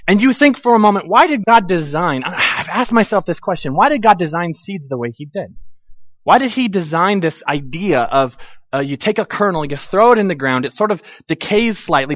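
Pastor guy preaching, kinda high voice, acts out quotes in his stories, dry dull recording. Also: no room sound. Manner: animated storytelling, acts out family quotes. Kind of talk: sermon.

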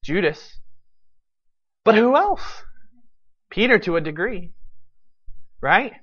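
A male pastor preaching a sermon in an animated storytelling manner, acting out quotes. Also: high voice, slow pace, slightly rough, highs cut off.

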